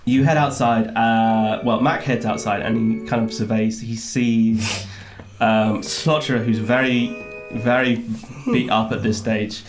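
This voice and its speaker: A man running a tabletop game, narrating haltingly with many ums and laughs. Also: lowish voice, fairly even intonation, over music. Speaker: game master.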